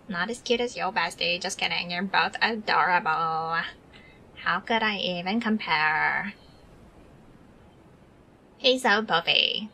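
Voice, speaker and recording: A woman's voice: mid-range voice, pushed and bright, a little hiss or hum. A woman streamer in a playful role-play chat, putting on valley girl talk and cooing over her dog.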